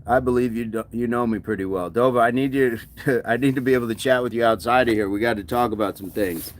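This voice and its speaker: A man's voice: mid-range voice, fast talker. A man hosting a fitness livestream, chatting casually and answering viewer comments with encouragement.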